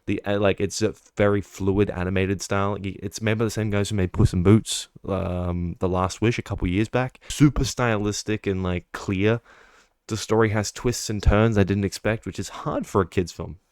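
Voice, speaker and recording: A man's voice: lowish voice, fairly even intonation, moderate pace, darkish tone, clear, resonant tone, dry recording, studio quality. A young man giving a casual film review, ranting with exasperation and swearing, mocking what he dislikes. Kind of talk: casual monthly movie review.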